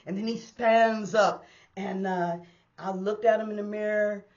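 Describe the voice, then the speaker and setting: A woman who used to drive buses tells a personal street story in a casual, animated way, talking straight to her listeners and acting out the sounds. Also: mid-range voice, unhurried, highs cut off. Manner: animated, addresses listeners as y'all, acts out sounds. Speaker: storyteller and former bus driver. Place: indoors on a hot day.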